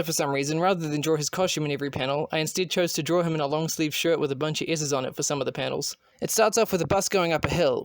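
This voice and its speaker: Quick, dry-witted young man. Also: a little high, dry recording. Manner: wry, dry humor. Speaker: animation YouTuber. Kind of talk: comedic voice-over narration.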